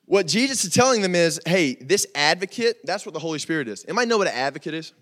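A man's voice: fairly high pitch, very animated, fast talker, a bit bright. A young man preaching a casual youth sermon, joking and talking straight to the crowd in a church room. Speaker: youth pastor.

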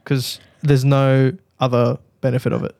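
A man's voice: medium pitch, flat delivery, moderate pace, creaky, darkish tone, dry recording. A man hosting a casual podcast, rambling and joking with plenty of swearing. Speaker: podcast host.

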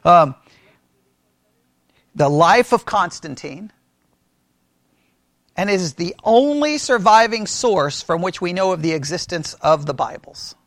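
Male pastor, sermon-lecture; high pitch, dry sound; animated, quizzes the congregation, stumbles and restarts. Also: moderate pace, few pauses, no room sound. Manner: animated, asks the room questions, mimics critics; restarts and repeats words often. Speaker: pastor teaching church history. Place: church meeting room.

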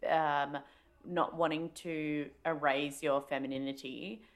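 Australian woman co-host, deep-pitched, frank and expressive, casual swearing. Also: takes it slowly. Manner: frank, animated, swears freely. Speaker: podcast co-host. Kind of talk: casual chat.

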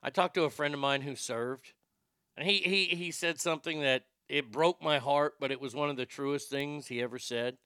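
Male host, profane comedic rant, high bright voice, dry close sound. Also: moderate pace, clear, resonant tone, no room sound. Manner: animated, swings from shouting to muttering. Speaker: show host.

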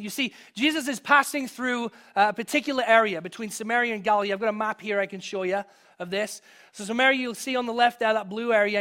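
A pastor from outside the US preaches a sermon in a high, sharp voice. He reads scripture and tells a personal story conversationally, rising to emphatic moments.

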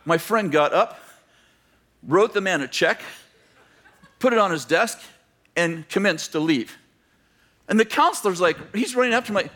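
Man, pastor, sermon, storytelling, joking asides, somewhat high voice. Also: animated, a little slow, long pauses, a bit bright.

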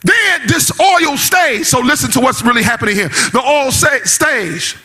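A man preaching a sermon in a strikingly high, bright, husky voice. He moves between a quick spoken delivery and a chanted cadence that builds into shouts. His phrasing stays loose and vernacular throughout. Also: expressive. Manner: preaching in a rising sing-song cadence, shouting at peaks; uses casual vernacular speech. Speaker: pastor.

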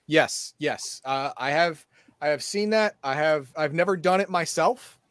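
A man's voice: on the high side, a little slow, a bit bright, no room sound. A man co-hosting a live-streamed game master chat show, making emphatic announcements and joking around. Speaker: game master podcast co-host.

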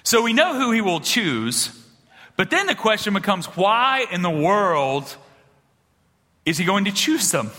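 Man, pastor, sermon in a big reverberant hall; bright, lively pitch, animated storyteller. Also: unhurried. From small-town rural upbringing. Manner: animated storytelling, swings between loud punchlines and hushed low passages.

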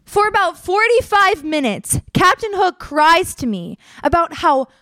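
A woman's voice: very high voice, big pitch swings, unhurried, pushed and bright, dry recording. A young woman telling a casual story in a chatty way, packed with fillers and acted-out quotes. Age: young adult.

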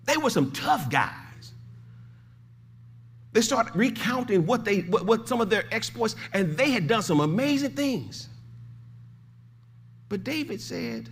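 Older male pastor, lively sermon delivery, rising to shouts and dropping to hushed tones, fairly high voice. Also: slightly rough. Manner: swings from shouted pleading to hushed, low emphasis.

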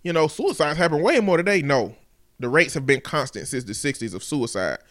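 A man's voice: a little high, expressive, a little fast, fairly bright tone. A middle-aged man hosting a casual talk show, telling stories with profane, emphatic talk. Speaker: podcast host. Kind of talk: casual chat.

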